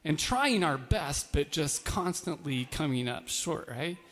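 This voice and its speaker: A man gives a relaxed, conversational sermon, full of fillers and restarts and a self-deprecating humor. His voice sits somewhat high for a man. The sound carries a long hall reverb. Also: unhurried. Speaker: pastor.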